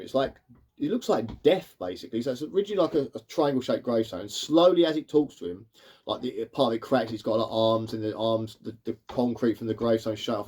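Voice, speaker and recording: Casual male reviewer, rapid and rambling, average pitch. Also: mellow, husky. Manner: rambling, leans on fillers like "sort of" and "like". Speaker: cartoon reviewer.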